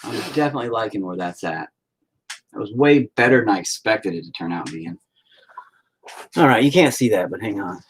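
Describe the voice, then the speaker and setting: A man's voice: on the low side, lively intonation, brisk, pauses often, a little hiss or hum. A middle-aged man chatting casually on a live stream, joking and teasing as a father.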